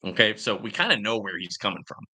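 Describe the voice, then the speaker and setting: A male show host reading out a viewer's comment and answering it with slow, mocking, sarcastic taunts. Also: on the low side, very animated, sharp tone. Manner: sarcastic, teasing, drawn-out taunts.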